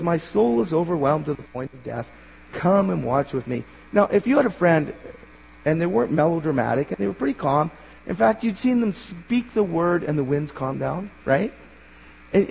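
A male pastor preaching a sermon in an earnest way, rising to emphatic bursts and dropping quiet. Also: high-pitched, vocal fry, breathy edge. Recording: long hall reverb.

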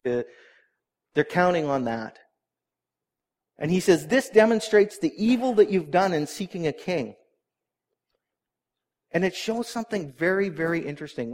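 A middle-aged man preaching a sermon, earnest and animated, with asides to the congregation. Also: on the high side. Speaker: pastor.

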